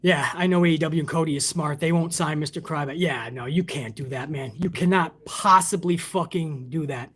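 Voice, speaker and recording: A wrestling podcast host from the United States speaks at normal speed in a higher, somewhat bright voice, barely pausing. On his casual livestream he rants in a profane, heated, rambling way and reads out donations.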